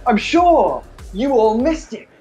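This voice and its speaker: A man's voice: extremely high pitch, very animated, slow pace, mellow, soft background music, pitched above the performer's own voice, full character voice. A man voicing a theatrical male gunslinger who shows off to a crowd. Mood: gloating. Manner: theatrical, grandstanding. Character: showy male gunslinger showman.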